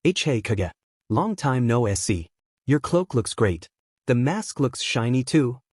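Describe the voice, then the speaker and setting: A man's voice: medium pitch, big pitch swings, normal speed, a little mellow, no room sound. Shaky tired young woman journalist, read by a man, hesitant, dry close sound. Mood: nervous. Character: nervous exhausted young woman reporter.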